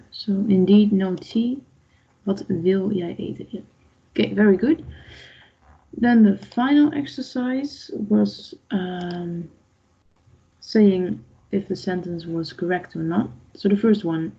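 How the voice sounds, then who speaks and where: A woman's voice: mid-range voice, creaky, breathy edge. A woman teaching a beginner's online language lesson, patiently explaining grammar and asking the class for answers. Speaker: Dutch teacher. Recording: dull lo-fi online class audio.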